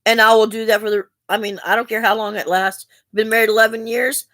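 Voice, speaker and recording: A woman with a slightly high, bright voice and little pitch variation talks fast to her viewers on camera. Emotional and earnest, she rambles heartfeltly while asking for help; there's no echo.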